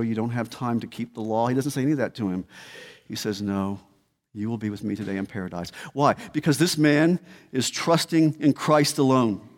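Guy preaching, emphatic, repeats stuff, big hall echo, mid pitch. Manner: emphatic, repeats key words. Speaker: pastor. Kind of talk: sermon. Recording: long hall reverb.

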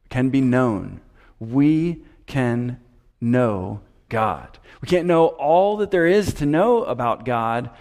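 A man preaching an expository sermon, measured and emphatic, with rhetorical questions and repeated phrases. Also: medium pitch. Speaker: pastor. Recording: long hall reverb.

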